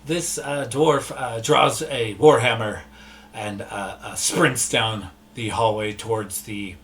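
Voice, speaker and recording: A man running an online tabletop game as game master, talking in a loose, relaxed way with lots of fillers and restarts. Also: medium pitch, takes it slowly. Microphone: online session mic.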